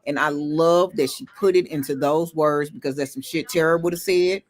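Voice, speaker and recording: A man's voice: on the high side, steady tone, moderate pace. A man on a podcast panel, playful and blunt, swearing freely in casual banter. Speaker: panel regular.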